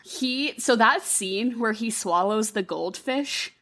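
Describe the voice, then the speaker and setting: A woman's voice: fairly high pitch, lively intonation, takes it slowly, pushed and bright. A young woman co-hosting a podcast, chatting casually and animatedly, swearing often and acting out quotes. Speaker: podcast co-host. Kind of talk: casual chat.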